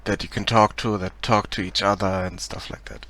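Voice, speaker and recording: A man from Germany with a German accent, casually talking through his game project on a live stream, hesitant, with many pauses and restarts. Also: low-pitched, flat delivery, fairly bright tone. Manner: hesitant, many ums and restarts, laughs shyly.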